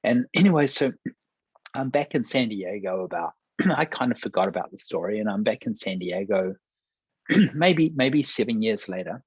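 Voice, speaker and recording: A pastor telling a personal testimony in conversation, earnest and acting out quoted dialogue. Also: male voice, fairly low pitch, lively intonation, moderate pace, slightly rough, no room sound, low-quality recording.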